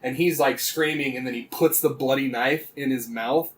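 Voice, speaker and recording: A man's voice: medium pitch, fairly even intonation, moderate pace, a little hiss or hum. Man animatedly retelling a story, swearing freely. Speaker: podcast co-host. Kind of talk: casual podcast chat.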